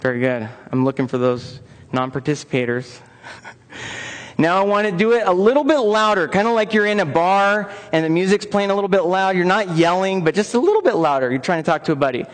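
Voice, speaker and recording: This man's voice sits high and sounds animated, moving at a fairly quick clip as he gives an upbeat, interactive talk to personal trainers and urges the crowd to participate. A large conference room's long, echoing reverb colors the recording.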